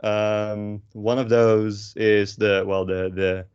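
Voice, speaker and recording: A young Dutch man with a Dutch accent, teaching pronunciation in a relaxed, rambling way with casual swearing and lots of fillers. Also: on the low side, slow pace, clear, resonant tone, no room sound, lo-fi sound. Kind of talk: casual language lesson.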